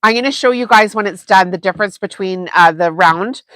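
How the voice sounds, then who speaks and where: Bright, chatty woman hosting a sewing livestream. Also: mid-range voice, fairly quick, no room sound. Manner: chatty, laughs often, greets viewers. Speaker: sewing channel host. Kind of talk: casual livestream chat while sewing.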